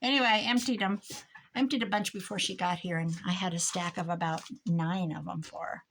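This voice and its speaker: A woman's voice: fairly low pitch, steady tone, fairly quick, vocal fry, fairly bright tone. A middle-aged woman rambling casually to herself and her viewers as she works on a craft project at her desk, with chatty asides. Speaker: crafting YouTuber. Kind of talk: casual crafting chat while working.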